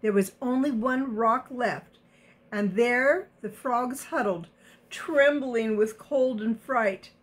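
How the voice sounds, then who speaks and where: A woman reading a picture book aloud to children, gently stopping to explain words and ask questions. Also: a little high, slow pace. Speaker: storybook reader.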